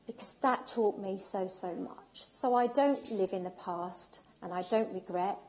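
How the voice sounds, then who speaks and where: A woman speaking from the heart at a live event, her voice a touch high. She is audibly emotional and leans into her words with emphatic repetition. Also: normal speed, hardly any pauses, a little mellow. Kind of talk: emotional personal talk.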